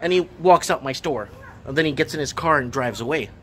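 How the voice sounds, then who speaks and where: A man's voice: on the high side, a little fast, fairly bright tone, a little hiss or hum. A man in his thirties, a vlogger and shop owner, rambling and exasperated as he talks casually in his shop under renovation, repeating himself. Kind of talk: casual vlog rant.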